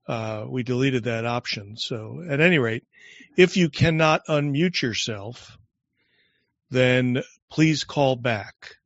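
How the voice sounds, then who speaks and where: Host, male, brisk and businesslike with callers, dry muffled audio. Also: mid-range voice, a bit bright, no room sound. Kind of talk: call-in show hosting.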